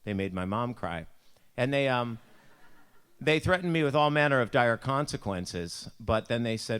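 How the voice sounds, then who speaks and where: A man's voice: medium pitch, expressive, normal speed, fairly bright tone, smooth. A man from Buffalo, New York, with a Buffalo accent, telling a self-mocking personal story in a church devotion. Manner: chatty, self-mocking, acts out voices in his anecdotes.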